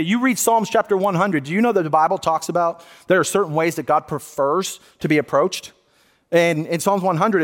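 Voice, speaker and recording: A man's voice: high voice, long reverb tail. A man who is a pastor, preaching a sermon in an earnest, conversational way and often restarting his sentences. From United States. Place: church sanctuary.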